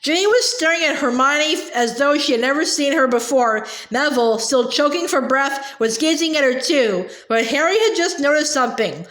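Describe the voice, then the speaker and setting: A woman narrating an audiobook in a steady, lightly expressive storytelling manner, with small slips, in an indoor room. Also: sits high, normal speed, hardly any pauses. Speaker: audiobook reader. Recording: roomy echo.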